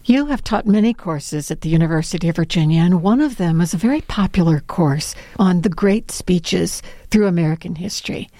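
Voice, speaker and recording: Mellow-voiced woman interviewer. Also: fairly low pitch, a little fast, few pauses, dry recording. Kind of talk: interview questions.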